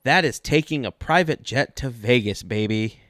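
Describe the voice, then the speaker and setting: A man co-hosts a sports podcast with dry, deadpan comedy, laying out absurd ideas as if they were serious. The sound is dry and close, with no room around it. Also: mid-range voice, normal speed, no room sound. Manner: deadpan, mock-serious delivery. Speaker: podcast co-host.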